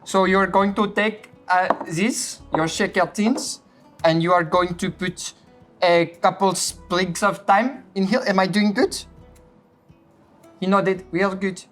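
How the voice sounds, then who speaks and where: A woman's voice: mid-range voice, close to an everyday voice. A woman doing a little French boy bartender. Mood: deadpan chatty. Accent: mock French. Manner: halting, chatty bartender patter with many fillers. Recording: clear music under the voice. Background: music.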